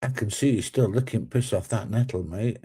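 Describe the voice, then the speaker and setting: A man's voice: on the low side, moderate pace, dark tone, slightly rough. A man hosting a casual livestream, chatting loosely and reading viewer comments aloud while recovering from illness. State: recovering from illness, slightly short of breath. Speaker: livestream host.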